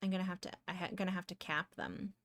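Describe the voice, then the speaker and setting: Drawing during her live stream, a young woman from Canada rambles casually and bursts into excited exclamations. Her voice is fairly low and she talks fast, with no room sound in the recording.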